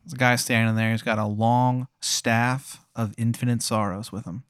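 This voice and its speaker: A man's voice: medium pitch, level tone, normal speed, clear, resonant tone, no echo, clean studio sound. A man as game master, narrating an improvised comedic story in a loose, rambling way.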